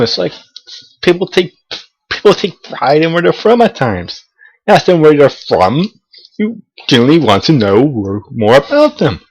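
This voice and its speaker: A man's voice: medium pitch, low-quality recording. Young adult male vlogger; loose, profane, meandering delivery with hesitant restarts. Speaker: college student vlogger. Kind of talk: casual talking-head vlog. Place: South of the United States.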